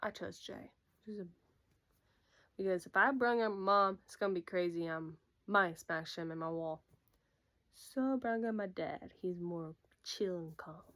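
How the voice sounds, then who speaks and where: A young woman in casual storytime chat, retelling a breakup in an animated way and acting out what everyone said. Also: fairly low pitch, unhurried. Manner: animated, quotes people with "I'm like". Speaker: YouTuber.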